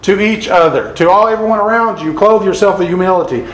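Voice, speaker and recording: A man with a slightly raised voice preaches a sermon in an earnest manner. He reads scripture slowly and deliberately. His voice echoes around the room. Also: high-pitched, animated, a little hiss or hum.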